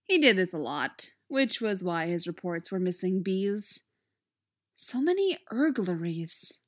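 A woman reading fan fiction aloud with expressive, animated storytelling. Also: medium pitch, a little slow. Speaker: reader.

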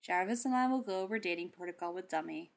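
A woman voicing a patient male soldier who speaks softly, firmly and precisely. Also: fairly low pitch, fast talker, gravelly. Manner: soft, firm and even. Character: calm, patient male soldier, gently firm. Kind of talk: audiobook character reading.

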